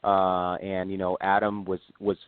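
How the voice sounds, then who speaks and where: A man's voice: deep voice, completely flat delivery, unhurried, clean tone, no room sound. A man, a church singer and guest, speaking thoughtfully in a casual chat. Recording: tinny phone-like dry line.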